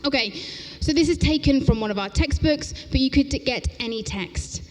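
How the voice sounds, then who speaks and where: Woman presenter, teacher trainer, lively and brisk, slightly high voice, long reverberant lecture-hall sound. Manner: brisk and upbeat, often checking in with "okay?". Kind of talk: interactive conference workshop talk. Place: large lecture hall at a conference.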